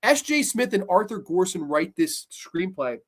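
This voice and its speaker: A man's voice: sits high, very animated, moderate pace. A man reviewing a horror film in a heated, exasperated rant full of profanity.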